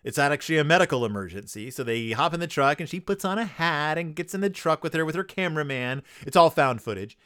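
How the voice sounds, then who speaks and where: A man's voice: fairly high pitch, lively intonation, fast, hardly any pauses, fairly bright tone, clean tone, dry recording, clean studio sound. A man hosting a comedy podcast, sarcastically recapping a children's book and riffing on it. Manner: sarcastic, riffing, acts out characters. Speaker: podcast host.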